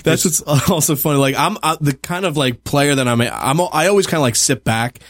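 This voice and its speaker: A man's voice: fairly high pitch, moderate pace, a bit bright, dry recording. Rambling man in casual podcast chat. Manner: rambling, lots of "like", laughs often. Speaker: podcast co-host.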